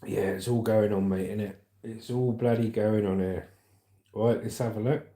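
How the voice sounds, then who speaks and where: A man's voice: fairly low pitch, fairly even intonation, normal speed, dark tone. Chatty man in an echoey room. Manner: chatty, rambling, calls viewers "mate". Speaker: livestream news host. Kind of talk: casual livestream chat and news reading.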